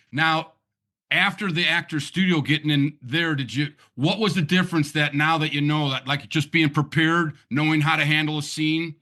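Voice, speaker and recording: Bright-voiced male podcast host. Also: fairly high pitch. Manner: encouraging, asks follow-up questions. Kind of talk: casual interview.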